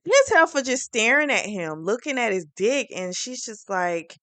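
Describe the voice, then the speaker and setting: A woman reviewing a book series, retelling the plot in a chatty, animated way with plenty of fillers. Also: on the high side, normal speed, hardly any pauses, no echo.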